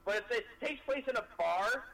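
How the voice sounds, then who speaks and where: An excitable man co-hosting a podcast in a high, bright voice. He retells funny clips eagerly and peppers them with swearing. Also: fairly quick, vocal fry, poor audio. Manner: excitable storyteller, heavy swearing. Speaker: podcast co-host. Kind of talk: casual chat.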